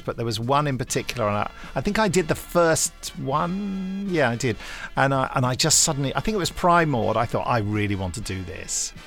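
A man co-hosting a podcast, answering listener emails in a relaxed, hesitant way with many ums. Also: mid-range voice, creaky. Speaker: podcast co-host and producer. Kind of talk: casual chat.

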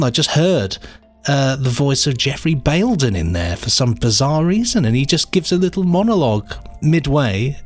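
A man co-hosting a podcast in casual chat, telling stories in an enthusiastic, rambling way full of fillers. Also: medium pitch. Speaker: podcast co-host.

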